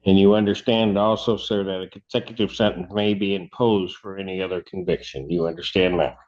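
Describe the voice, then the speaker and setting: A man serves as judge at an arraignment, reading the charges in a formal, measured way and patiently repeating his questions. His voice sits on the low side. The courtroom sound is muffled and dull. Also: steady tone, a little mellow.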